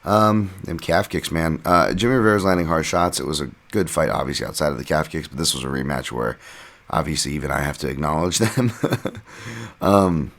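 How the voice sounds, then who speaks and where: A man's voice: rumbling low, fairly quick, vocal fry, a bit bright. A man hosting a podcast, casually recapping fights in a rambling, self-deprecating way with lots of fillers. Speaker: podcast host and fight analyst.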